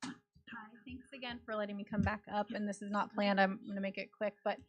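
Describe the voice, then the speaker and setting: A woman's voice: mid-range voice, fairly even intonation, fast talker, highs cut off. A woman in her thirties, a worried mother giving a rambling public comment at a school board meeting, full of "like". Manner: rambling, worried, filler-heavy. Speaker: parent speaking at public comment.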